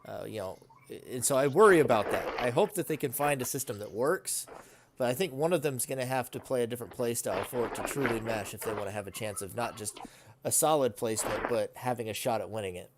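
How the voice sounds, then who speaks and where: A man in a casual online gaming chat, talking in a measured way and weighing players' strengths with hedged opinions. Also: medium pitch, heavy background noise. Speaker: co-commentator.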